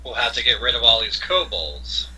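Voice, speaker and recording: A man's voice: mid-range voice, expressive, normal speed, bright, forceful tone, husky, pitched below the performer's own voice, heavily acted, low-quality recording. A man voicing a cheeky male adventurer who stammers and restarts.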